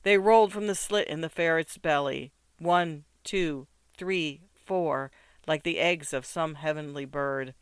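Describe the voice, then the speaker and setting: Man reading a literary story, slow rhythmic phrasing, smooth clear voice, totally dry recording. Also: on the high side, no echo. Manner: measured and expressive, with rhythmic phrasing. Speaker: narrator. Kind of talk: scripted narration of a literary story.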